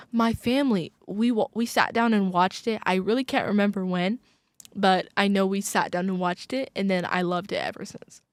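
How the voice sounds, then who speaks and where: A young woman hosting a college radio podcast, chatting casually and gushing about movies with lots of fillers and quick asides. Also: medium pitch, steady tone, no echo. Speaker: podcast host. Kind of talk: casual chat.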